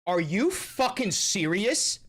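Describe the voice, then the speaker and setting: A woman streamer in a livestream rant, furious and profane, shouting and repeating phrases for emphasis. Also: mid-range voice, very animated, slow pace, husky.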